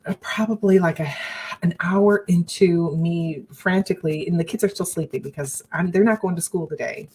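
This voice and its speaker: A woman's voice: lowish voice, moderate pace, darkish tone, husky, rough recording. A woman candidly telling her personal story on a broadcast, earnest and direct, often restarting her sentences. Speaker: survivor sharing her story.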